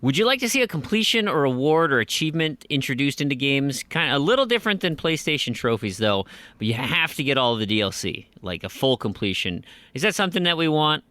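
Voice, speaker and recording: A man's voice: mid-range voice, big pitch swings, fast talker, sharp tone, no room sound. A man hosting a casual podcast, chatty and joking as he reads out listener reviews and questions. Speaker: podcast host.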